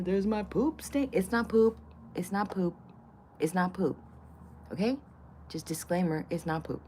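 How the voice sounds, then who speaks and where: A woman in her fifties chatting casually to camera as a vlogger, loud and playful, with crude jokes and swearing. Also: lowish voice, moderate pace, slight background noise. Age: 50s. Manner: loud and playful, swings to loud bursts and whispers.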